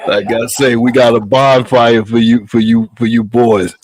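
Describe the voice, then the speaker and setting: A man's voice: medium pitch, little pitch movement, moderate pace, darkish tone. A man hosting a casual talk show, rambling and repeating words as he trash-talks about sports. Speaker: host.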